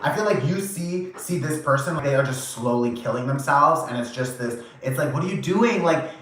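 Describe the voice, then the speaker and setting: A man giving a channeled tarot reading, animated and casual, acting out quoted reactions, swearing now and then and laughing often. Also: on the high side, normal speed. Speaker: tarot reader. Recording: very echoey room.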